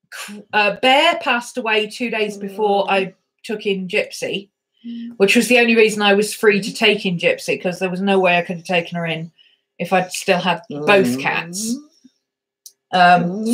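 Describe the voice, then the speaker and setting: A mid-range, slightly bright voice belongs to a vlogger telling a fond story about her rescue dogs from inside her home. Chatty and warm, she baby-talks to the dogs as she goes.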